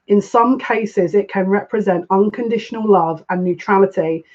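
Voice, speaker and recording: A woman's voice: medium pitch, moderate pace, a little mellow. Chatty woman reading tarot, lo-fi. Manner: chatty, with emotional asides, reads aloud from a card book. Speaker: psychic card reader. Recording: dull lo-fi recording.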